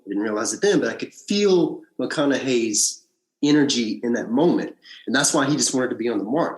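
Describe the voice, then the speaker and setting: A man from Alabama, a podcast guest, recounting his past in animated casual storytelling, often restarting his sentences. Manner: animated storyteller, frequent restarts and big pitch swings. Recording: echoey room.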